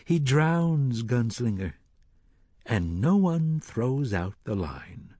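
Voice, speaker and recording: A man's voice: mid-range voice, big pitch swings, slow, warm tone, no room sound. A man voicing a sly, mocking male sorcerer who taunts as he reads the cards, in an audiobook reading. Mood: taunting. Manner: taunting and teasing.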